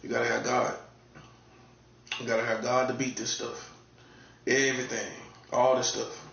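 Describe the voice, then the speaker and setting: This online commentator, a North Carolina man with a Southern accent, talks in a gravelly, fairly bright voice at medium pitch, keeping a level tone and moderate pace. His casual monologue repeats itself and warns the listener. The audio is distant, echoey, dull lo-fi room sound.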